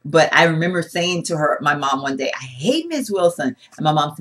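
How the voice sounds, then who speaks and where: A woman beauty vlogger talking casually and at length while testing makeup, chatty and rambling, and animated. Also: deep voice, brisk, hardly any pauses. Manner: chatty, rambling, animated, talks with her hands. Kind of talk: casual product-testing vlog.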